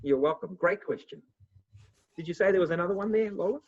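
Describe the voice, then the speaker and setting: A man giving a motivational webinar talk over a video call, answering questions and acting out little dialogues in a lively way. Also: high-pitched, fast. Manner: animated, acts out little dialogues. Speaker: webinar speaker. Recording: muffled video call audio.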